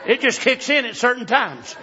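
A man's voice: very high voice, big pitch swings, moderate pace, lo-fi sound, crowd noise. A man in his seventies preaching a sermon in a folksy, chuckling way, calling out to the congregation. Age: 70s.

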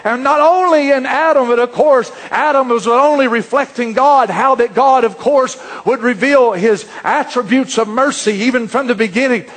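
A man preaching a fervent sermon, often rising to shouts. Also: very high voice, moderate pace, hardly any pauses.

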